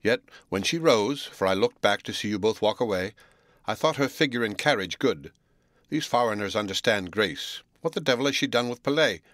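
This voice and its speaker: A proud, blunt gentleman speaks in a gruff, scolding way, as a man puts him on. His voice sits low and plain. The sound is dry and close, like a storybook read. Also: expressive, normal speed, no echo. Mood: scornful. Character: blunt proud Englishman, brusque and sarcastic.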